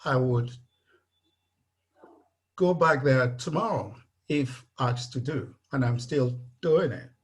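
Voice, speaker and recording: A man's voice: medium pitch, slow, long pauses. A man from Nigeria, speaking bluntly and emphatically on a video call and repeating his points. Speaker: webinar participant, engineer.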